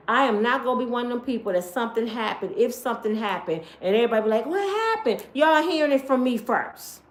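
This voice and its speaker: Woman, live-stream host. High, swooping voice. Blunt, cussing storyteller. Recorded at home in an echoey room. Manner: blunt, profane, animated storytelling. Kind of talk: casual live-stream chat.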